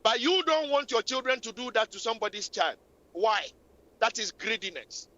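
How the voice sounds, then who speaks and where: A fairly high-pitched woman speaks at normal speed with a bright, forceful tone. Hosting a radio talk show, she scolds and preaches relationship advice with repetitive passion, and the audio is lo-fi radio.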